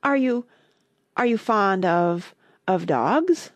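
A woman with a mid-range, animated voice plays a polite, curious little girl who talks eagerly, rambles on, and is quick to say sorry. There's no echo.

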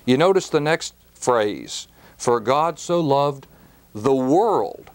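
A man teaching a Bible study in a measured, emphatic way, speaking straight to the listener. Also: medium pitch. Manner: slow, measured, emphatic phrasing; addresses the listener directly.

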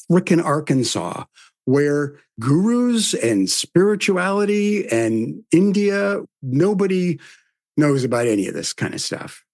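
A man's voice: fairly high pitch, dry recording, studio quality. A man, telling personal stories on a podcast and acting out the dialogue in them. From American South. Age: 60s. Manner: animated storyteller, acts out quoted dialogue. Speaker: podcast speaker. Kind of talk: storytelling reflection.

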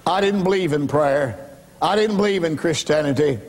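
A man's voice: a little high, normal speed. An older man preaching his life story as an evangelist, in a folksy storytelling manner. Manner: folksy storytelling, rising to impassioned cries. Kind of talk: testimony sermon. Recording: reverberant hall recording.

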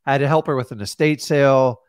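Animated storytelling man, dry sound. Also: mid-range voice, quick pace, clear, resonant tone, dry recording. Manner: animated storyteller acting out quotes. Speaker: real estate coach. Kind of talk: casual mentoring advice.

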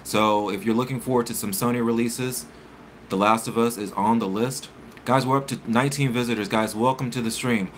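A man's voice: mid-range voice, fairly even intonation, fairly quick, a little hiss or hum. A man hosting a casual live stream, chatting with viewers and reading articles aloud with stumbles and self-corrections.

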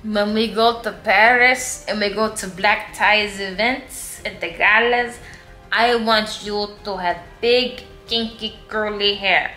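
A woman's voice: mid-range voice, fairly even intonation, slow, pushed and bright. A woman voicing a whiny, entitled rich man who pleads and pouts. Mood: demanding. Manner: whining, pleading. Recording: echoey room, faint music.

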